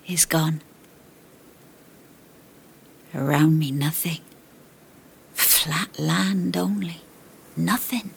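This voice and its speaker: Slow whispered woman storyteller. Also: lowish voice, steady tone. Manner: hushed, breathy, old-fashioned phrasing. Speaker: narrator.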